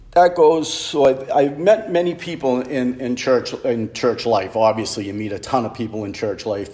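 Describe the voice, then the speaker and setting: A middle-aged man, a police officer telling his faith story to a retreat group, halting and heartfelt with many stammered restarts. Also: on the low side, darkish tone, slight background noise. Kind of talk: personal testimony to a men's retreat.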